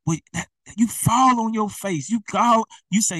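Preacher, male, direct and repetitive, bright tone, sits back from the mic. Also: sits high, normal speed, hardly any pauses, no echo, far from the mic. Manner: colloquial, repetitive, direct address. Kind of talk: informal preaching to camera.

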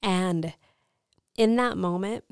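A woman in her thirties with a smooth, resonant voice, heard close and dry. She tells her story earnestly, and she is easily moved as she speaks. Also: on the low side, slow, darkish tone, dry recording. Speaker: podcast co-host. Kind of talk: faith podcast chat.

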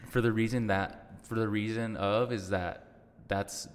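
A man hosting a podcast in a casual, slangy chat, gently prompting his guest with questions. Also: on the low side, fairly even intonation, unhurried, clear, resonant tone, long reverb tail. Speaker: podcast host. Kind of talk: casual conversational interview.

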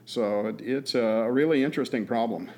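A man's voice: medium pitch, moderate pace, darkish tone. A man co-hosting a podcast, telling a story in a folksy, easygoing way with many fillers and restarts. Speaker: podcast co-host. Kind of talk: casual chat.

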